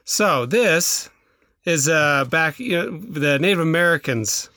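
A man in casual podcast chat, rambling through a folktale with many restarts and asides. His voice sits a bit high and sounds dry and close to the mic. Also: lively intonation, takes it slowly, sharp tone, no room sound. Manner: rambling, with restarts, filler and laughs. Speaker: podcast co-host.

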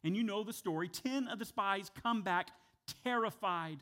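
A man delivers a sermon in a high, bright-pitched voice. He drives his points hard, then drops suddenly to a hushed, low aside, retelling scripture with dramatic weight. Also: normal speed, few pauses. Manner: dramatic, acts out quotes with big swings from loud to hushed. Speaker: pastor.

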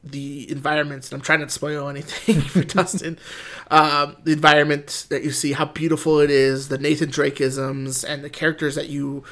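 A man's voice: a little high, flat delivery, normal speed, fairly bright tone. A man co-hosting a casual podcast chat, talking enthusiastically with many restarts. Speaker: podcast co-host. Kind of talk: casual chat about video games.

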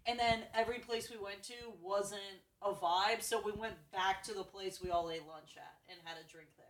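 A woman chatting casually with podcast hosts in a relaxed way. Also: mid-range voice, moderate pace, low-quality recording.

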